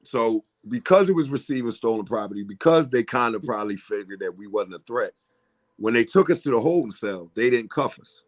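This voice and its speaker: Animated man telling a story. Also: medium pitch, fairly quick. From Philadelphia, USA. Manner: animated storyteller, acts out voices, laughs often. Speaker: comedian guest. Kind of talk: casual storytelling interview.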